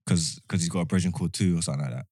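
Low-voiced, fast-talking young man. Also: a little mellow. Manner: slangy, laughing, rambling. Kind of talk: casual banter.

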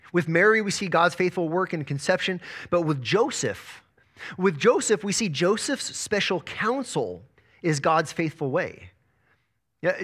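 A man's voice: a little high, a bit bright. A man preaching a sermon as pastor, emphatic and repeating words as he builds his points.

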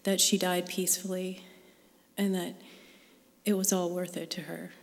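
A woman's voice: fairly low pitch, little pitch movement, normal speed. A woman sharing a personal faith story with a live group, in an earnest, conversational way. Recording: long hall reverb.

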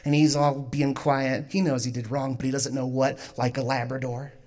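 A woman doing stand-up, telling a story in an animated way, laughing along and shouting some punchlines. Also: very deep voice, moderate pace. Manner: animated, laughing through her own lines, shouting punchlines. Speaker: stand-up comedian.

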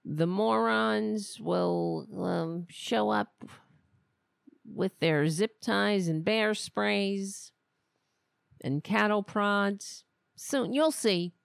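A woman's voice: medium pitch, animated, extremely slow, vocal fry, clean tone, dry recording, studio quality. A woman hosting a podcast, giving sarcastic, mocking, profane political commentary. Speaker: podcast host.

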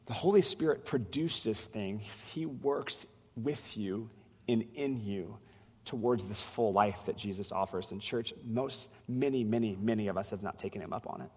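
A man's voice: on the low side, normal speed, darkish tone, slightly rough. Man preaching in a reverberant hall. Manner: conversational storytelling with many restarts and fillers. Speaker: pastor. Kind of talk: sermon. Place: church sanctuary.

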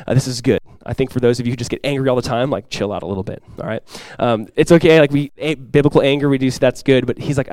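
A young adult man, a pastor, preaching a sermon in a casual, animated storytelling way. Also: mid-range voice, fast, no room sound, low-quality recording.

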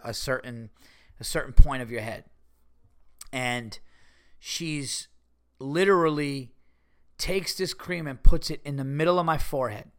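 A man hosting a podcast, a comedian telling a rambling, animated story with many fillers and restarts. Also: mid-range voice, smooth. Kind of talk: casual storytelling monologue.

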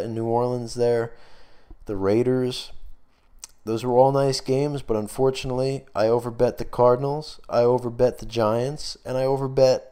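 A man's voice: mid-range voice, dark tone, smooth. Breathless man hosting a betting podcast. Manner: casual, filler-heavy picks talk. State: out of breath, losing voice. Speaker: podcast host. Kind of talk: solo sports betting podcast.

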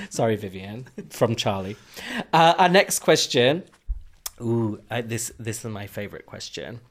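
A man's voice: mid-range voice, sing-song, slow pace, a bit bright. A man co-hosting a podcast in casual chat, laughing often and reading listener questions aloud. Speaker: podcast co-host.

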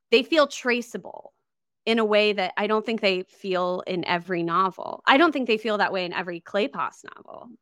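A woman's voice: mid-range voice, a bit bright, no room sound, clean studio sound. A woman co-hosting a podcast who laughs often while chatting about a romance novel. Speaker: podcast co-host. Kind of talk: casual book discussion.

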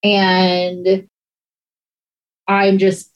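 A woman and former emergency dispatcher recounting hard calls in a halting, emotional way, with many restarts and pauses. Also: lowish voice, steady tone, rough recording. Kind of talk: personal account in a conversation.

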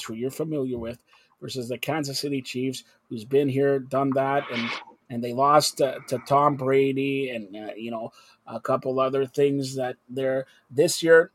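A man's voice: medium pitch, dry recording. A man hosting a sports talk radio show, brash and jokey, steering the chat with leading questions.

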